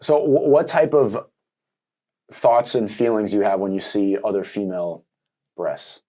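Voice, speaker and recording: A man's voice: on the low side, steady tone, unhurried, dark tone. Man, interviewer, casual chat, teasing, provocative. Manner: teasing, provocative, mocks accents. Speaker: street interviewer.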